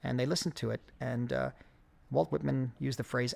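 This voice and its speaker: Gravelly-voiced man giving film commentary. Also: medium pitch, steady tone, normal speed, darkish tone. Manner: reflective, many fillers and restarts. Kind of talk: audio commentary.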